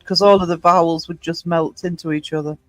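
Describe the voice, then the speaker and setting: A woman from Northumberland with a soft Northumbrian English accent, chatting casually as a podcast co-host, blunt and quick to swear. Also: fairly low pitch, steady tone, no room sound, low-quality recording. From Northumberland, England. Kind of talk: casual chat.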